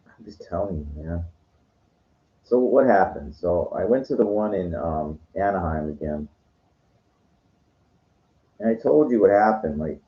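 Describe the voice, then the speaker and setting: Older man ranting, low and mellow. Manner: rambling, frustrated, swears freely. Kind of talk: casual storytelling rant. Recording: dull lo-fi sound.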